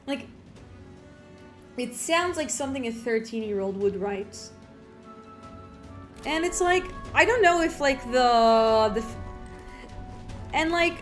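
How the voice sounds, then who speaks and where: A young adult woman streamer giving live let's play commentary, rambling and animated with lots of fillers and restarts. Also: sits high.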